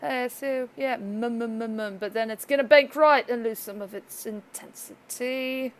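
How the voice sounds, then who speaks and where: A woman with a fairly high voice talks through a weather screencast in a loose, off-the-cuff way. She rambles, jokes at her own expense, and often trails off, unsure of herself. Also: unhurried. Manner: rambling, joking, self-deprecating. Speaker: amateur weather forecaster. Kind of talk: casual weather screencast narration.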